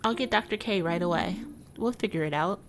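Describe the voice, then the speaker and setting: A woman's voice: lowish voice, fairly quick, lightly acted. A woman voicing a kind, earnest young male junior doctor, reading his lines plainly.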